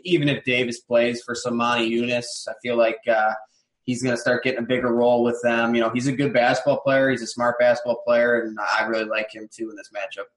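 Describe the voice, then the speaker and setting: A man giving casual sports picks as a podcast guest, relaxed and repeating words as he thinks. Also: medium pitch, roomy sound.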